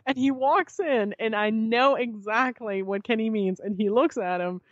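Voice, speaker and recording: A woman guest on a podcast, telling a story in casual chat, animated and swearing freely as she acts out what others said. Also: fairly high pitch, normal speed, no echo, muffled recording.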